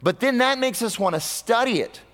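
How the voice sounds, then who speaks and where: A man preaching a sermon, asking his listeners rhetorical questions and swinging between loud, high bursts and low, quiet stretches. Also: expressive, normal speed. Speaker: pastor. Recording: long reverb of a hall.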